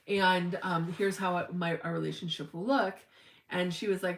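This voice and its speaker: A woman's voice: fairly low pitch, brisk, echoey room. A middle-aged woman hosting a casual spiritual livestream, talking in a chatty, emphatic way and acting out the people she quotes. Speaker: spiritual teacher, livestream host.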